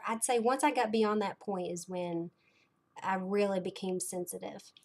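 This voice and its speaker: A woman's voice: mid-range voice, fairly even intonation, moderate pace. A woman, hosting a casual livestream chat in a rambling, chatty way full of fillers and dramatic asides. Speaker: host of a blind community livestream.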